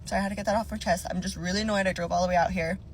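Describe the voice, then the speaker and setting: A woman's voice: mid-range voice, steady tone, racing, a little hiss or hum. A woman venting as a casual rant from her car, exasperated and profane, mocking what the staff told her. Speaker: gym member venting.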